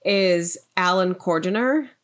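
Female co-host, somewhat low voice, enthusiastic casual chat. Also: takes it slowly. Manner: enthusiastic, chatty. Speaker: podcast co-host.

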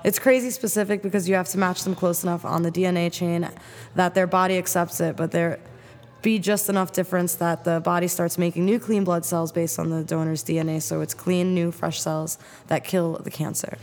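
A woman's voice: lowish voice, fairly quick. A woman reads news stories aloud on a casual chat show, plainly and loosely, skipping parts she finds dull. A long reverb hangs on her voice. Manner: plain, slightly flat reading, skips with "blah blah". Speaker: podcast co-host reading news.

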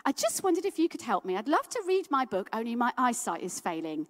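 A woman voicing a frail, sweet and crafty old woman who coaxes people gently and calls them dear. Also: on the high side, sing-song, fast. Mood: sweetly coaxing.

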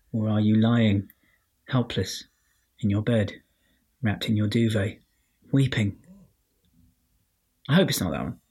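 A man's voice: lowish voice, darkish tone, slightly rough. A man hosting a podcast on his own, chatting playfully and wryly and firing off rhetorical questions at his listeners. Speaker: podcast host. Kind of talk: casual solo monologue.

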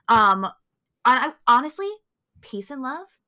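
A woman's voice: on the high side, brisk, sharp tone. A young woman co-hosting a podcast, ranting in heated, profane bursts and acting out quoted lines. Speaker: podcast co-host. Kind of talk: casual podcast chat.

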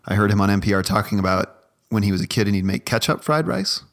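A man's voice: fairly low pitch, lively intonation, fast talker. A man co-hosting a podcast in casual chat, trading dry wisecracks. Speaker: podcast co-host.

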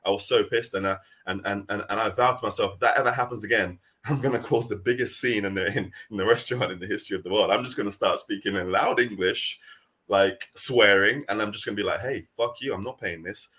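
A man's voice: lowish voice, fairly even intonation, quick pace, sharp tone. A man in casual chat, earnestly telling a story with many repeated restarts.

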